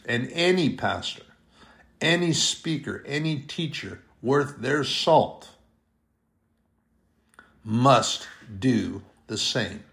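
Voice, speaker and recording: A man preaching a sermon, slow and deliberate, drawing out his emphatic phrases. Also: medium pitch, expressive, gravelly, a bit bright.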